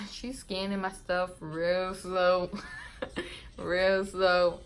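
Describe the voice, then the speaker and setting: A woman's voice: fairly low pitch, level tone, drawn-out words, a little hiss or hum, rough recording. A young woman chatting casually to camera as a mom vlogger, rambling, laughing often and using slang.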